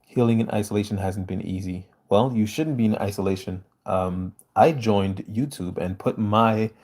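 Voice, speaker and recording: A man speaks in a lowish, mellow voice, hosting a casual livestream and answering his viewers. He talks earnestly and with emphasis. The sound is a plain home setup. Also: normal speed. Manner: earnest, emphatic, reads chat aloud and answers. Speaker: livestream host reading viewer comments.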